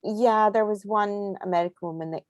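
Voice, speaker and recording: A woman's voice: mid-range voice, fairly even intonation, a little fast, no echo. A young adult woman with an Aberdeenshire Scottish accent, co-hosting a podcast in easy, laughing chat. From Scotland. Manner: laughs often, swears casually. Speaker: podcast co-host. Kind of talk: casual chat.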